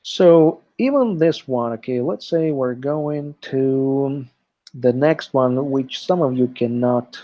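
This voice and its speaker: A man's voice: medium pitch, takes it slowly, mellow. A man teaching an English class live online, explaining step by step and checking in often with "okay", heard through a computer mic on a video call. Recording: dull lo-fi online call audio.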